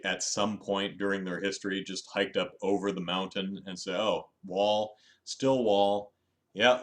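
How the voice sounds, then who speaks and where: A man casually hosting a live movie review, talking in a wry, self-deprecating, rambling way with bursts of animation. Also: deep voice. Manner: frequent restarts and fillers, animated bursts.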